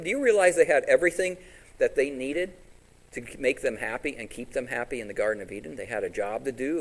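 A man's voice: mid-range voice, rough recording. A man preaching a sermon in a conversational way, asking the congregation questions and paraphrasing scripture. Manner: paraphrases scripture in quoted voices. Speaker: pastor.

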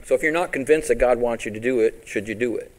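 A man's voice: medium pitch, fast talker, poor audio. A man preaching a sermon as pastor, quoting scripture and asking his congregation questions, with big rises and drops for emphasis.

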